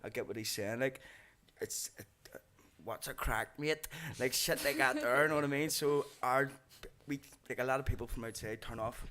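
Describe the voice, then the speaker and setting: A man's voice: medium pitch, fairly even intonation, brisk, few pauses, pushed and bright. A man in casual studio chat, talking bluntly in slang, swearing and calling people "mate.". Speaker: rapper guest.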